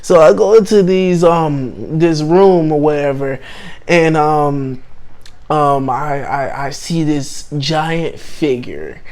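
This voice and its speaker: Young man telling an excited storytime. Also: on the high side, slow pace. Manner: hesitant, full of restarts and "like"; shifts between hushed and excited tellings. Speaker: channel host telling his testimony. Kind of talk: casual storytime.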